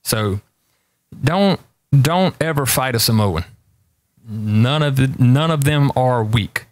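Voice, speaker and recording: A man's voice: mid-range voice, lively intonation, slow, no echo. A man, hosting a show and telling rambling stories with emphatic repeated warnings. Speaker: talk show host. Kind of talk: casual storytelling chat.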